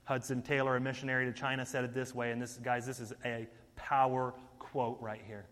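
A man preaching a sermon in an energetic, conversational way, talking straight to his listeners. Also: medium pitch, fairly quick, big-room sound.

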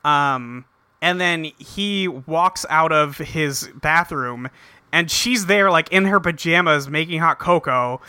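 A man's voice: on the high side, slow, pushed and bright, clean tone, dry recording. A man co-hosting a podcast, recapping a TV episode in casual chat and rambling with lots of fillers. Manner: rambling, heavy "like" and "um", acts out characters in quotes. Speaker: podcast co-host.

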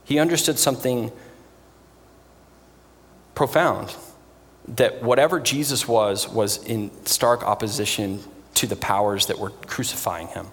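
A man preaching a sermon in an earnest, emphatic way, pausing for weight. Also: fairly low pitch, big-room sound. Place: church.

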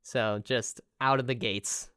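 Very deep-voiced woman, dry close sound. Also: takes it slowly, smooth, no room sound. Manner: relaxed, easy agreement, quiet laughs. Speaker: podcast co-host. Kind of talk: casual movie-review chat.

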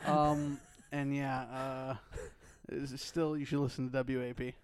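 A man's voice: medium pitch, level tone, unhurried, darkish tone, clear, resonant tone. A man co-hosting a casual podcast, talking hesitantly with many fillers. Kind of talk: casual chat.

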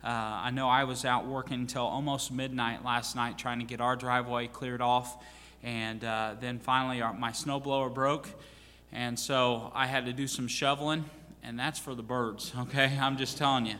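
A man's voice: medium pitch, little pitch movement, moderate pace, pushed and bright. A man preaching as pastor, telling a folksy story with restarts and fillers in a church. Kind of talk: sermon with church announcements. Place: church sanctuary. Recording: reverberant church hall.

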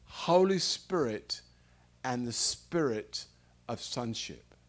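A man preaching a sermon, reading scripture and explaining it slowly, with emphatic repetition. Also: mid-range voice, expressive.

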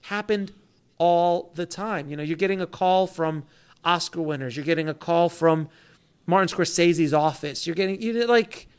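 A man in his thirties, a book author, telling animated stories as a guest and acting out quotes in other voices. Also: a little high, normal speed, clear, resonant tone. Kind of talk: casual storytelling.

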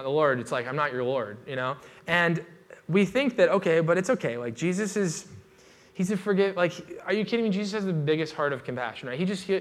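Guy giving a sermon, kinda high voice, chatty, lots of "like" and restarts. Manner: casual and animated, many "like" fillers and restarts.

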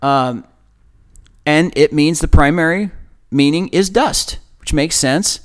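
A man hosting a podcast, giving a reflective, earnest Bible teaching in a conversational way with emphatic pauses. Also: on the high side. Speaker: podcast host leading Bible study.

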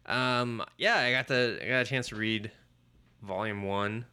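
Here a man speaks at medium pitch with fairly even intonation, unhurried and smooth but sharp in tone. Co-hosting a podcast that reviews comics, he chats casually and rambles through a comic's plot, swearing and leaning on filler words.

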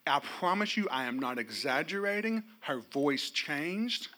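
A man's voice: fairly high pitch, a little slow, few pauses. A middle-aged man preaching a sermon in a church, telling stories with humor and calling out to the congregation for responses. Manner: animated, humorous storytelling with calls to the congregation. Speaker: pastor.

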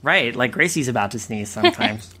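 Podcast co-host, man, bright crisp voice, enthusiastic, cracks jokes. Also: medium pitch, lively intonation. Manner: enthusiastic, joking, quick asides. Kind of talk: casual film discussion.

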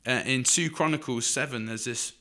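A man's voice: mid-range voice, moderate pace, sharp tone. A man co-hosting a faith podcast, explaining earnestly with frequent fillers. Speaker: podcast co-host.

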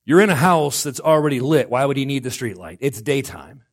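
A middle-aged man preaching a sermon as pastor, swinging between loud outbursts and hushed lines. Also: mid-range voice, animated, a little fast.

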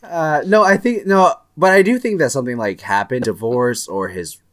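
A man chatting casually on a podcast, joking and animated. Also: mid-range voice, normal speed. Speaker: podcast co-host. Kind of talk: casual chat.

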